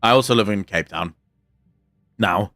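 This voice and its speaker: A man's voice: on the low side, unhurried, a bit bright. A South African man chatting casually on a live stream, rambling and swearing freely while he answers his chat. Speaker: game streamer.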